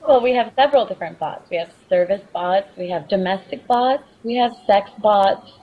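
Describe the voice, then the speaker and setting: A woman's voice: mid-range voice, moderate pace, narrow, tinny audio. A woman guest chatting casually and boldly, flirting and joking about her work. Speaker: guest adult film performer and producer. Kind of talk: casual podcast chat. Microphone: video call.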